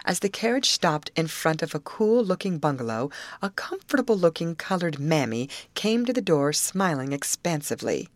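Woman audiobook narrator, low voice, lively melody, expressive storytelling, dry close recording. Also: normal speed, few pauses, no echo. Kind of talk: audiobook narration of a 1913 girls' novel.

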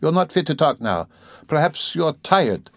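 Brief: man reading as a proud, hasty young sister, pitched well up, lively. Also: moderate pace, dry recording. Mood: urgent. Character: proud young woman, quick-tempered sister.

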